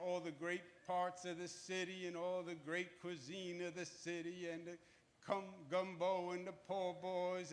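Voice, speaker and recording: A man's voice: high voice, a bit bright. Emphatic New York man giving a speech. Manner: repetitive, emphatic speechmaking with joking asides. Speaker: state governor giving a speech. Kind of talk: public speech at a groundbreaking event. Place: outdoor event in Harlem.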